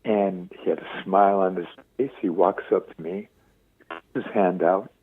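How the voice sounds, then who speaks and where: A man in his seventies, a radio interview guest, telling stories with lively acted-out quotes. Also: low-pitched, normal speed, slightly rough. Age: 70s. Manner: lively storyteller acting out quoted voices. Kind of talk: phone-in radio interview storytelling. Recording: tinny dry phone line.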